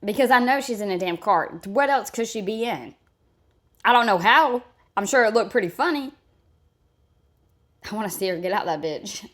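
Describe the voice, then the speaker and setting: A woman's voice: medium pitch, lively intonation, normal speed, long pauses, fairly bright tone. A woman streaming live and reacting to a clip with mocking, profane commentary, talking back at the person on screen.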